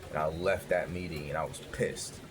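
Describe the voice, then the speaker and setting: A man in his thirties telling his life story in a candid, profane, animated way. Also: rumbling low, normal speed, noisy background. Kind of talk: casual storytelling.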